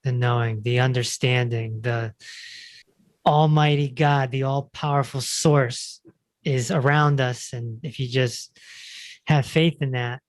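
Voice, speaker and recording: A man hosting a podcast, talking in a relaxed, reflective way and chatting casually with his guest. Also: mid-range voice, slow pace, dry recording. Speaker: podcast host.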